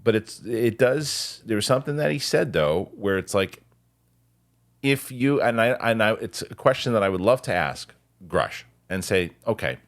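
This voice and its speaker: Lively male podcast host, low voice. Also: normal speed. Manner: animated, jumps in pitch when quoting others. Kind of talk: casual podcast chat.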